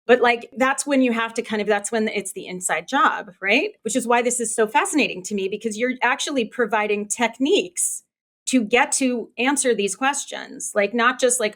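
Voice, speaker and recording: A woman's voice: a little high, moderate pace, a bit bright. Chatty woman hosting a podcast. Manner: chatty, uses many fillers like "like". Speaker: podcast host. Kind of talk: casual interview chat.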